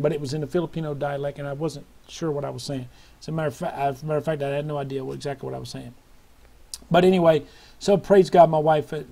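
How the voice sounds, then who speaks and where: A man's voice: on the high side, warm tone. A middle-aged man preaching a sermon with fervent hallelujahs and praise, sometimes breaking into song.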